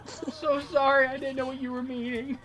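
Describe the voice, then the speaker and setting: A woman's voice: high-pitched, level tone, moderate pace, faint music behind. A woman playing a video game with a friend, chatting casually, swearing often and bursting out in frustration. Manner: swears a lot, loud outbursts of frustration. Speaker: gamer. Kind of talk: casual co-op gameplay chat.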